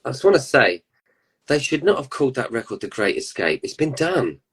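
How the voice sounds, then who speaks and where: Husky musician guy on a chat show, wry and teasing, does little funny voices. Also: mid-range voice, sing-song, brisk, a bit bright, rough recording. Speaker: musician guest. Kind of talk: casual chat.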